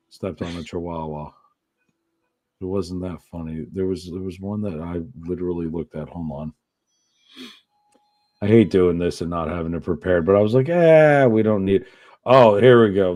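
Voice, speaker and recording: A man co-hosting a podcast, reading odd news stories aloud in a profane, animated way. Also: deep voice. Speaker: podcast co-host.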